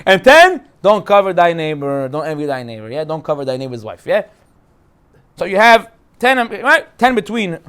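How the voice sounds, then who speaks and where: A man a notably high-pitched voice gives a casual Torah class, speaking in an animated, jokey way. He slips in and out of little acted voices to make his points. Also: clean tone. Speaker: rabbi.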